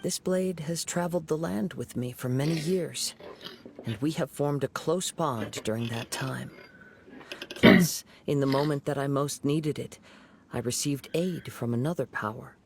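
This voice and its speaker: An actor voicing a calm wandering young male swordsman in a video game, speaking in a composed, measured, gentle manner. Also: a little high, vocal fry, very noisy. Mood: earnest. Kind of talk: game voice acting. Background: game music.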